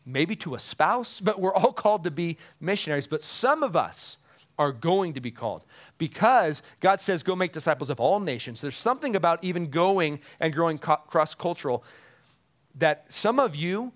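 A male pastor delivering a sermon in a relaxed, conversational way. His voice sits a little high for a man, and he often chuckles and repeats his key phrases for emphasis. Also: normal speed.

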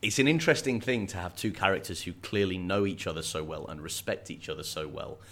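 A man's voice: low voice, quick pace, fairly bright tone. A man co-hosting a podcast, chatting casually in a playful, teasing way. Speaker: podcast co-host. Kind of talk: casual chat.

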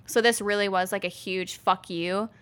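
A woman co-hosting a podcast, recounting history in a relaxed chatty way with lots of fillers and casual swearing. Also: mid-range voice, moderate pace. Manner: laid-back, fillers and laughs, swears casually. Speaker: podcast co-host.

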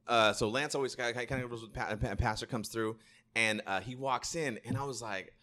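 Bright-voiced man telling wild stories. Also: medium pitch, brisk. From Sacramento, California. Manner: animated, slangy, laughs through his stories. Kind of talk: casual storytelling chat.

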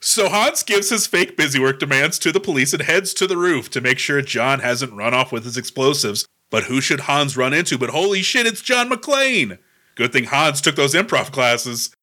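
A man co-hosting a movie podcast, recapping plot and joking in a wry, animated way. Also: mid-range voice, normal speed. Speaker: podcast co-host.

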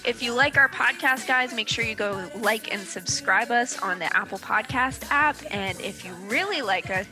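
A woman co-hosting a podcast, speaking in a relaxed, casual way. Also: fairly high pitch, moderate pace, hardly any pauses. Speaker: podcast co-host. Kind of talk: podcast chat. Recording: clear music behind the voice.

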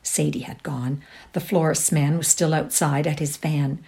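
Woman narrating a story, low and expressive. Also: measured pace, vocal fry. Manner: expressive, sinks to a whisper in quiet passages. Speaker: reader. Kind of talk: dramatic reading of a short story.

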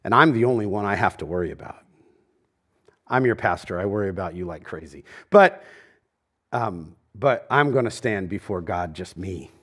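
A middle-aged man preaching a sermon as pastor in a church. He talks conversationally and drops to a near hush on key lines. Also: low-pitched, animated, normal speed. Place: church sanctuary.

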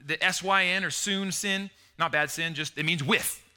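A man preaching a passionate sermon, swinging between loud emphasis and hushed, emotional tones and lingering on key words. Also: high voice, moderate pace, clear, resonant tone.

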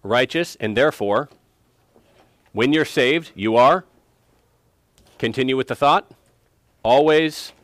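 A man's voice: mid-range voice, takes it slowly, pauses often, a bit bright, no room sound. Man, Bible lesson, questioning, emphatic, dry sound. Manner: questioning, emphatic, prods students for answers. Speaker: Bible study teacher.

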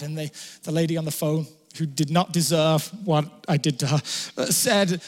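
A man preaching a sermon, telling stories in an animated way and often restarting his words. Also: fairly high pitch, moderate pace. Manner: animated storytelling with stammered restarts. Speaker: pastor. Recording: long hall reverb.

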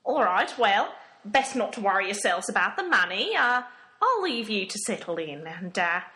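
A woman's voice: mid-range voice, big pitch swings, normal speed, pushed and bright. A woman playing a flustered, hesitant charity organizer in a comedy sketch.

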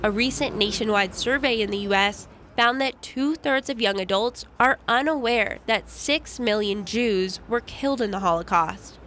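A young woman from the United States narrating a radio feature report in a calm, measured first-person voice. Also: a little high, a little hiss or hum.

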